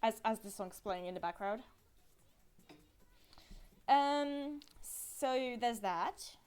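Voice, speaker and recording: A woman giving a casual live-stream recap, animated and giggly, with frequent fillers. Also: on the high side, slow pace, clear, resonant tone.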